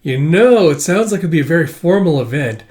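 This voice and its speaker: A man voicing an excitable, chatty young schoolgirl in a casual manga read-through. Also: fairly high pitch, brisk, lightly acted. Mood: excited.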